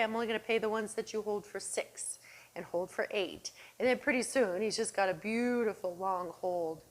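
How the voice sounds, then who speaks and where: Woman dog trainer explaining cues, calm and encouraging, soft praise for the dog, sometimes calls him up high and excited.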